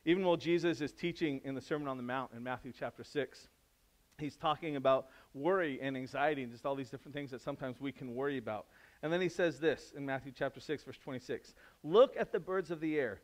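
A man preaching a sermon in a conversational way, climbing to loud, emphatic peaks and dropping to soft, low passages. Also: quick pace. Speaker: pastor.

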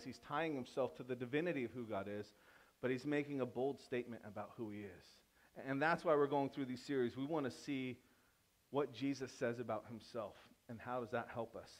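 In a church, a male pastor with a mid-range voice preaches conversationally, teasing the congregation. He turns emphatic, then drops suddenly quiet.

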